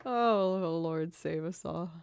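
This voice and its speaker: A woman's voice: fairly low pitch, slow pace, vocal fry, darkish tone, clean tone. A woman from the Boston area with a Boston accent, chatting casually and giggling on a livestream while sick with a lingering cold. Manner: chatty, giggly and self-mocking. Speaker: livestreaming violinist and singer. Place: home.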